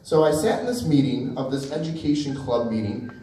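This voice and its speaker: A man's voice: mid-range voice, brisk, mellow, a little hiss or hum. A middle-aged man giving a keynote speech, chatty and self-deprecating, telling stories with lots of asides. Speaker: keynote speaker. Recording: echoey hall, mic at a distance.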